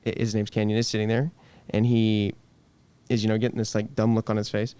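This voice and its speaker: A man's voice: on the low side, completely flat delivery, fairly quick, mellow, clear, resonant tone, no room sound. A man, a guest on a podcast, telling a story in a casual, joking, self-deprecating way.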